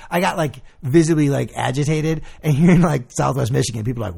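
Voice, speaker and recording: A young man telling a long story in casual chat, animated and swearing, acting out the people he quotes. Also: medium pitch, quick pace, vocal fry, hardly any pauses, breathy edge.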